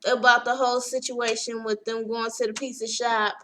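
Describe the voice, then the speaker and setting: A young woman breaks down a reality show episode in a loose, sassy vlog style. Her voice sits high and bright. She slips into quick impressions of what everyone said. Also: level tone, a little hiss or hum. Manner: chatty, sassy, acts out quotes. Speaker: TV recap vlogger. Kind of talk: casual show recap.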